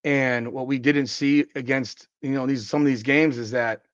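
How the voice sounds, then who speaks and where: A man hosting a live sports podcast, hoarse with a worn-out voice, talking in an excitable, profane, trash-talking way while reading the chat. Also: medium pitch, normal speed, no room sound, muffled recording. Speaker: podcast host.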